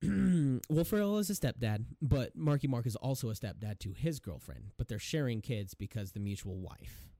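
A man's voice: mid-range voice, animated, normal speed, mellow, no room sound, studio quality. A young adult man co-hosting a podcast. He retells a movie scene in casual, rambling chat, swearing and laughing as he goes. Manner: rambling, swears freely, laughs while telling a story. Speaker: podcast co-host.

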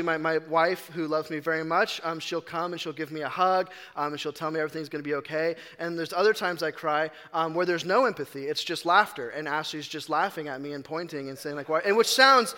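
A man's voice: sits high, pushed and bright. A man giving a casual, storytelling sermon, chatty and self-deprecating, with frequent ums and restarts. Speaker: preacher. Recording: long reverb of a large hall.

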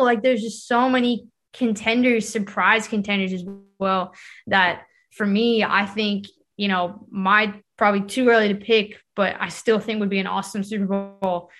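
A woman with a mid-pitched voice chats on a sports podcast. She talks fast and lively and acts out other people's opinions. Her delivery is casual and full of fillers. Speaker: podcast co-host.

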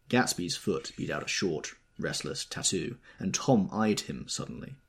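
A man's voice: extremely low pitch, lively intonation, moderate pace, gravelly, few pauses, slightly rough. A man reading an audiobook aloud in a wry, reflective storytelling manner. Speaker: audiobook narrator. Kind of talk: scripted audiobook narration.

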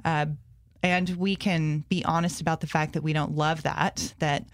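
A woman's voice: sits low, little pitch movement, moderate pace, dry recording. A woman, a homeschool mom and classroom teacher, talking earnestly in a casual conversation and thinking aloud as she goes.

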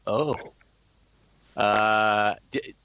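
A man voicing a polite, puzzled tanker boom operator, speaking in halting bits. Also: fairly even intonation, creaky, pushed and bright, clear, resonant tone, dry recording, heavily acted, rough recording. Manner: hesitant, halting.

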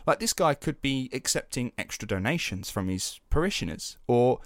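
A man in his young adult years spins a story for a podcast, animated and loose, peppering it with swearing and "like"s. His voice sits at an ordinary middle pitch. It is recorded close and dry, with no room sound. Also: normal speed, no echo. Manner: animated, swears freely, many fillers. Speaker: podcast host. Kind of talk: casual storytelling chat.

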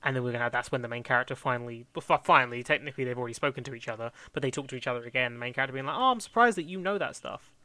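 A young man talks through script ideas in a loose, rambling way, often correcting himself and laughing. His voice is bright and forward, and the sound is close and dry. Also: medium pitch, level tone, rapid-fire, hardly any pauses, no room sound. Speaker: fan script co-writer. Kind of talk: casual planning chat.

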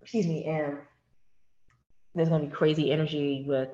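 A woman in casual chat about a TV show, animated and swearing freely. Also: deep voice, dull audio. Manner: animated, swearing, talks fast in bursts.

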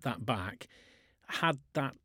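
A man's voice: mid-range voice, lively intonation, takes it slowly, fairly bright tone, husky, no room sound, clean studio sound. A man, chairman of a business, talking casually on a podcast, telling sports stories and often restarting his sentences. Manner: chatty, restarts a lot, uses sports stories.

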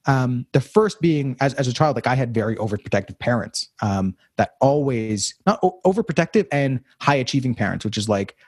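A man's voice: medium pitch, lively intonation, fairly quick, hardly any pauses, husky, no echo, clean studio sound. A young man talking through his thoughts in a casual conversation, rambling and reflective with many fillers and restarts.

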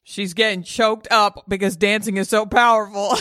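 A woman hosts a podcast in loose, casual chat. She is playful and giggly and gushes over her guest. Her voice sits in a middle pitch and is recorded close, with a dry, roomless sound. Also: steady tone, measured pace, fairly bright tone, no room sound. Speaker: podcast host.

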